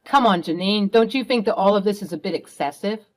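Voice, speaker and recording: A woman's voice: mid-range voice, fairly quick, lightly acted. A woman voicing a shady, blustering stepfather who turns defensive and sneering when caught. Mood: pleading.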